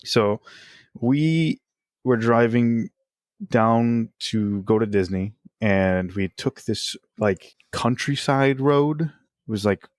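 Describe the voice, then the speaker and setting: A man, a guest on a casual podcast, candidly telling personal stories and getting animated as he retells them. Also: medium pitch, slow, dry recording, clean studio sound. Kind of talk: casual storytelling.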